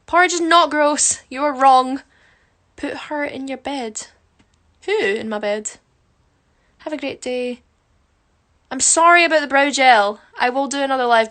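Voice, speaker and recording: A young woman chatting casually on a phone livestream at home, reading out comments, dropping into murmured asides between lively bursts and lots of ums. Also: high-pitched. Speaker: musical theatre performer on a live stream. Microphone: phone camera close up.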